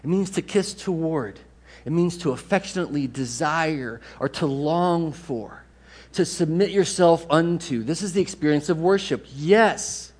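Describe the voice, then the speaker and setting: A man preaching a sermon as pastor in a church, animated and storytelling, at times putting on excited voices. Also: a little high, unhurried, breathy edge. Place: church sanctuary.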